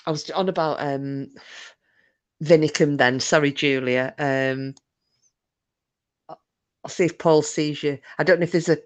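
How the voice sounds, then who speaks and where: Low-voiced woman chatting with viewers. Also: steady tone, measured pace, pauses often. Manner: chatty, rambling, swears casually. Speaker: livestream host reading chat. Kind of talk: casual live chat with viewers.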